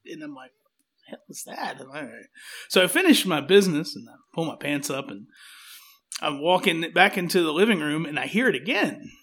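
On a casual podcast, a man with a high, bright, creaky voice tells a rambling story at his own expense. He's very animated and brisk, acting out little quoted lines along the way.

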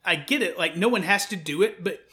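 A man co-hosting a sports podcast in a loose, joking chat, his voice sitting high and sounding bright. He rambles a little and laughs easily with his co-host. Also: fairly quick. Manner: joking, rambling, slips into silly impressions.

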